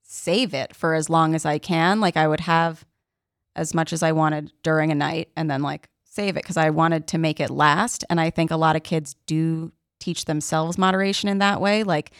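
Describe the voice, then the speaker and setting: Female podcast co-host, low gravelly voice, conversational, animated storyteller. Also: moderate pace, no echo, studio quality. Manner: chatty, acts out quoted voices. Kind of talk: casual chat.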